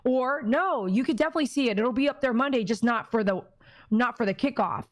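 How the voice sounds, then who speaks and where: Woman streamer, higher voice, dry close sound; animated and emotional, talks to fans. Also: fairly quick, no room sound. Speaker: dog groomer and YouTuber. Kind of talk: livestream chat reading viewer comments.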